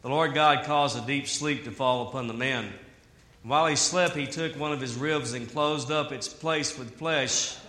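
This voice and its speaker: A man preaching a sermon in an animated way, with humor and asides. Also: mid-range voice, moderate pace. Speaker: pastor. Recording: echoey hall.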